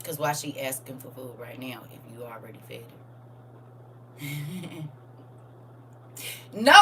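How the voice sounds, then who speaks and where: Loud, laughing grandmother. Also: slow pace, pauses often, distant mic, a little hiss or hum. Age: older. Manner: lively, laughing, swings from soft to loud and high. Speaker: host reading viewer comments. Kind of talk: casual live-stream chat.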